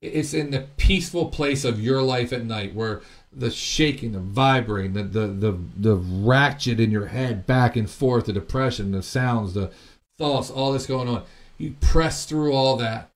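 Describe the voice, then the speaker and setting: A man's voice: mid-range voice, measured pace. Earnest male preacher teaching scripture. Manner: earnest, alternates loud scripture reading with quiet reflection; repeats words and restarts often. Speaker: pastor. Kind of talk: sermon teaching.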